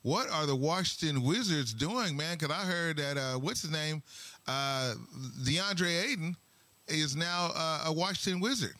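A man hosting a casual sports talk show in a relaxed way, steering the conversation between topics. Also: fairly high pitch, a little slow, no echo.

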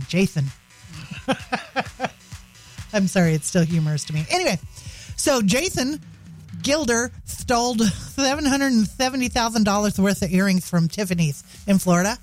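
A woman hosting a radio show, telling a story in a playful, mocking way and laughing at her own jokes. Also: mid-range voice. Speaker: radio host. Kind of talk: casual radio chat.

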